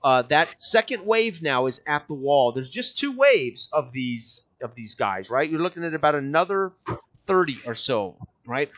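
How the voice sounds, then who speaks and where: A man's voice: a little high, sing-song, a bit bright. A man running a tabletop game as game master, talking casually with frequent fillers and restarts. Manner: chatty, halting with many fillers. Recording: dull lo-fi mic.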